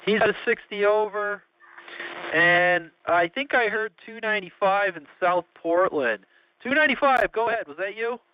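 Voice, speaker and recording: Man, high voice, chatty radio host, muffled sound. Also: moderate pace. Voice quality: chatty, joking, laughs often. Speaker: net control host of a radio check-in. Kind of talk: casual radio chat. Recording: muffled audio with faint noise.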